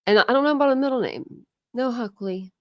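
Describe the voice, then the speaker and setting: A woman's voice: a little high, a little fast, a little mellow, dry recording. A middle-aged woman chatting casually on a livestream, gushing and rambling as she shows family photos.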